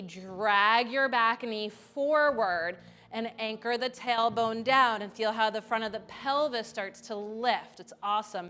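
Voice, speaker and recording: A woman teaching a live yoga class in a studio, giving calm step-by-step cues with casual asides. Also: on the high side. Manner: calm cueing with chanted Sanskrit and casual asides.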